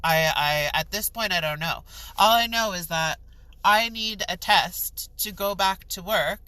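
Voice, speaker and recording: A woman's voice: mid-range voice, measured pace, pushed and bright, dry recording, poor audio. A young woman, ranting to the camera in a storytime vlog, exasperated and swearing. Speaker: vlogger.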